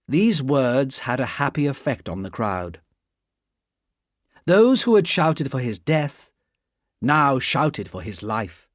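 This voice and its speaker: Measured and expressive, this man narrates a scripted audiobook in a mid-range voice. It's a clean studio recording without any echo.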